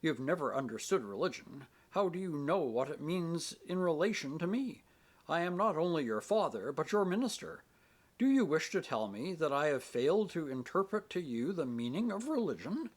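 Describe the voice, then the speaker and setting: A man's voice: a little high, very animated, moderate pace, voice pushed up. A man voicing a stern, sarcastic minister father. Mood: stern reproach. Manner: stern, ironic, authoritative. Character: stern middle-aged male minister father, proud and sarcastic. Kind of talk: audiobook character reading.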